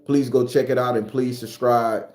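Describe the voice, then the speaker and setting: Loose and profane, a spiritual live-stream host chats casually with his viewers at a moderate pace. His mid-range voice has a darkish tone and little pitch movement. The sound is roomy and echoey, with faint music underneath.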